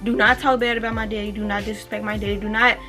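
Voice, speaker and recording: A young woman, telling a storytime on her vlog in an animated way, swearing freely and reading text messages aloud. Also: mid-range voice, quick pace, soft background music. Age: 20s. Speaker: vlogger. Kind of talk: casual storytime.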